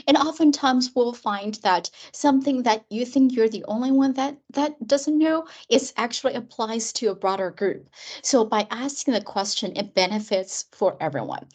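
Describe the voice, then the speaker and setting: A woman's voice: a little high, a little mellow. A woman hosting an online training session, giving earnest closing remarks with rising emphasis over a video call. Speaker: webinar host.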